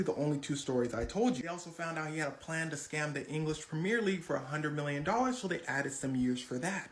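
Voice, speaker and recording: A woman telling a comic true-crime story in a casual, slangy way. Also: deep voice. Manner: animated, slangy, switches into quick character voices.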